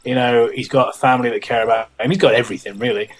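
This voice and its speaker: A man's voice: medium pitch, steady tone, racing, lightly acted, low-quality recording. Man doing a smug scheming Satan. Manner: casual, sarcastic retelling.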